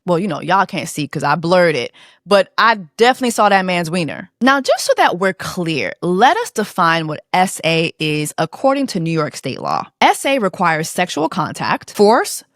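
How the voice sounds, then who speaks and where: A woman's voice: on the low side, big pitch swings, normal speed, fairly bright tone, dry recording, clean studio sound. A woman hosting a playful, sassy commentary show about viral stories, sometimes slipping into a mock news-anchor voice. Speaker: host.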